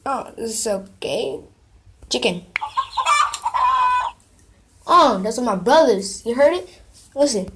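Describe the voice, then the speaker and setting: A woman's voice: on the high side, expressive, takes it slowly, pauses often, heavy background noise. A woman vlogger in casual chat, playing sound effects from an app and reacting with giggly, playful commentary.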